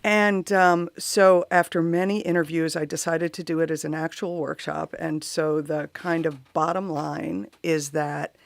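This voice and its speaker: Gravelly-voiced woman telling her story. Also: deep voice, unhurried, hardly any pauses, dry recording. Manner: animated storyteller. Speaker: guest, workshop leader for mothers. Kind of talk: casual interview chat.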